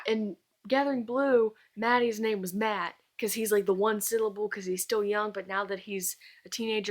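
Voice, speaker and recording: A young woman reviewing a book series in a casual vlog, gushing and exclaiming with fangirl excitement. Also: medium pitch. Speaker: book vlogger.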